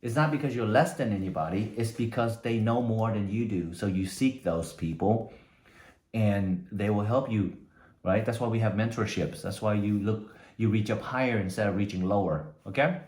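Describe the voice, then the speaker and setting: A man's voice: on the low side, normal speed, a little mellow. A man giving a conversational motivational talk, often tagging his points with "right?". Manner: conversational, frequent "right?" tags. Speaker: motivational speaker. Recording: echoey room.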